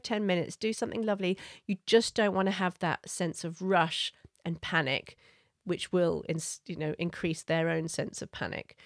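A middle-aged woman coach giving parenting advice in an earnest, gentle, conversational way. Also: medium pitch, no echo, studio quality.

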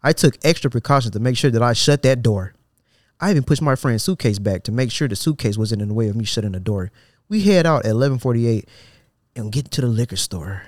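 A man's voice: mid-range voice, expressive, fairly quick, no room sound, clean studio sound. Sarcastic man hosting a casual podcast. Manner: sarcastic and incredulous, breaks off reading to mock the poster; loose, slangy delivery with frequent restarts. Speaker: podcast host. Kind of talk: casual podcast commentary, reading out a social media thread.

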